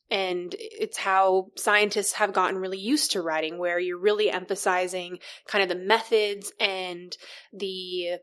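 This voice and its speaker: A woman co-hosting a podcast, explaining writing step by step with examples in a relaxed, conversational way. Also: lowish voice. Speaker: podcast co-host.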